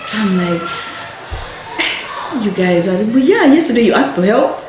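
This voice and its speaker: Woman telling her story, mid pitch, acts out everyone's lines, echoey room w/ faint hiss. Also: measured pace. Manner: animated, acts out other people's lines with laughter. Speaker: guest sharing her recovery story. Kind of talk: casual storytelling chat.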